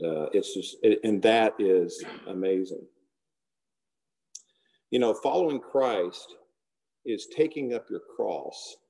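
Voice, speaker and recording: Gravelly low-voiced man teaching Bible study. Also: mellow. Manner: conversational, retells scripture with acted-out dialogue.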